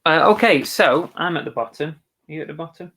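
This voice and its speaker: A man's voice: on the high side, animated, fairly quick, fairly bright tone, breathy edge. Chatty man co-hosting a livestream. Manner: chatty, agreeable, thinks aloud with restarts. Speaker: co-host of a live reselling show. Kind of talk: casual live-stream chat, reading viewer comments.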